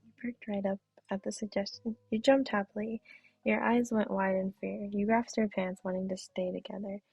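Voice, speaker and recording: A woman streamer reading a visual novel's narration aloud in a steady voice, now and then correcting herself. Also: medium pitch, normal speed, vocal fry, breathy edge, no echo. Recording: tinny phone-like mic, dry.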